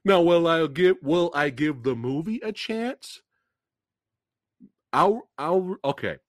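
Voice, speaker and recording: Male reaction-stream host, swings wildly in pitch, unhurried, cursing, dry close mic. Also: no room sound. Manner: profane, animated, laughing and booing. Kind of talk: live stream trailer reaction.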